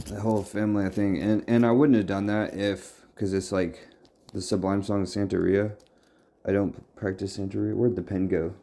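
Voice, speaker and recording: Low gravelly man rambling in his workshop. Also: dark tone, a little hiss or hum. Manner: rambling, muttering to himself while sorting things. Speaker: vlogger. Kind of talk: casual talk to camera. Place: home workshop.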